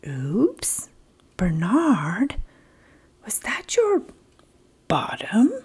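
A woman voicing a sheepish storybook bear who speaks in a hushed, whispery way. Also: medium pitch, huge pitch swings, very slow, slightly rough, exaggerated voice.

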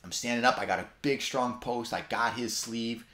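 A man commenting live on footage of his own match, in quick, animated fragments. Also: mid-range voice. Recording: roomy echo.

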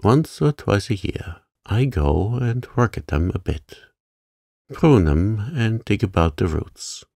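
A gruff old gardener grumbles in short, slow phrases, as a man reads him. His voice sits very deep and gravelly, and it sounds dry and close. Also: animated, dark tone, no room sound, heavily acted. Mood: grudging. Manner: grumbling, curt, dialect speech.

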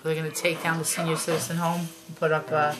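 A woman in her thirties, a vlogger chatting casually and reacting out loud as she watches a movie at home. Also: low voice, level tone, fast. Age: 30s. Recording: movie soundtrack playing behind.

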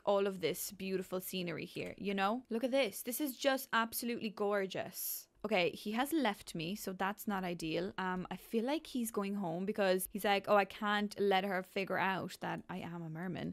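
A woman's voice: medium pitch, gravelly. A woman chatting casually through a life-sim Let's Play, talking to the characters on screen and laughing often. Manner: chatty, giggly, talks to game characters. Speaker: gaming YouTuber.

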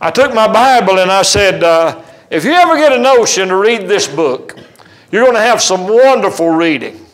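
A man's voice: high-pitched, animated, moderate pace, rough recording. A man preaching a sermon in a church, emphatic and full of stories and quoted dialogue. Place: church sanctuary.

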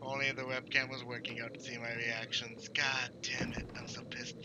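A man's voice: mid-range voice, little pitch movement, moderate pace, noisy background. A man giving casual, profane commentary while playing a horror game, joking and reacting aloud. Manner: profane, swearing often. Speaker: gaming YouTuber. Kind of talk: casual Let's Play commentary.

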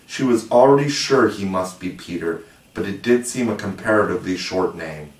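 A man narrating a storybook in a measured, expressive way. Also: low voice. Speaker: audiobook reader. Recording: roomy, distant mic.

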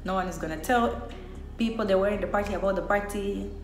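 This vlogger is a young woman with a mid-range voice who talks fast as she recounts something personal. Her manner is chatty and full of "like" fillers, and the recording has an echoey room sound.

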